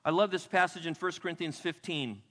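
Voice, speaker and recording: A middle-aged man preaching a sermon, animated, swinging between loud exclamations and quiet low asides. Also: a little fast, in a large hall. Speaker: pastor.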